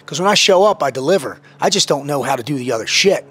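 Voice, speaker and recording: Male podcast guest, fired-up and foul-mouthed storyteller, slightly high voice. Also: fast talker, slightly rough. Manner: intense, profane, animated storytelling. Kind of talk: casual chat.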